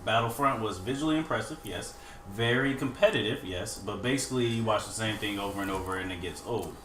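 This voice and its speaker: A man's voice: fairly low pitch, brisk, a bit bright, roomy sound, far from the mic, a little hiss or hum. An easygoing man who laughs often, chatting casually about games. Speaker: podcast co-host. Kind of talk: casual gaming chat.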